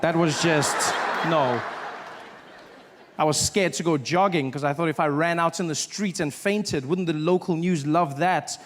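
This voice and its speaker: Playful South African stand-up comedian. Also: male voice, fairly high pitch, moderate pace, a little hiss or hum. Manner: animated, playful storytelling. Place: comedy stage before a live audience.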